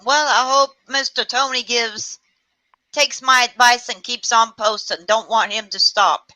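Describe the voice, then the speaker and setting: Bright-voiced woman with brief greetings. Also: on the high side, fairly even intonation, a little slow, dry recording, low-quality recording. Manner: brief, friendly greetings and asides. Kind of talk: casual livestream chat.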